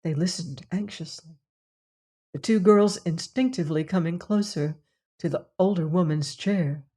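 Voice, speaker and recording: A woman narrating an audiobook in a slow, measured way. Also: on the low side, warm tone, slightly rough.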